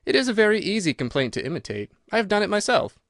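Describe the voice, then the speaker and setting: A man voicing a sharp, assured detective who explains his reasoning in clipped, crisp sentences. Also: high-pitched, big pitch swings, fast talker, no room sound, clean studio sound, voice pushed up, exaggerated voice. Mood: explaining. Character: sharp, cool male detective, brisk and assured.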